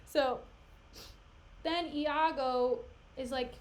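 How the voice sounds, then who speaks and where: A woman streamer casually retelling a play in a chatty, animated way. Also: sits high, measured pace, slight background noise. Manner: animated, chatty, laughs often.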